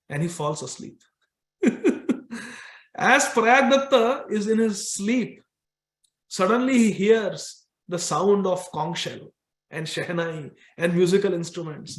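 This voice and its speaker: A man giving a scripture class, narrating a devotional story in an animated way and repeating phrases as he goes. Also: high-pitched, echoey room.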